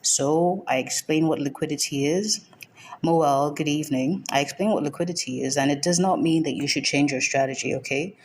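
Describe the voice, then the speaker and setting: Woman from nigeria running a trading lesson on a livestream, shouts out viewers by name, firm and direct, repeats stuff, faint noise behind. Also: sits low, normal speed. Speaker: forex trading mentor.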